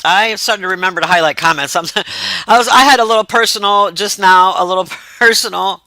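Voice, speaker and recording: A woman's voice: mid-range voice, brisk, sharp tone, no echo. A woman hosting a livestream, chatting loosely and reacting to messages from her chat. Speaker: livestream host.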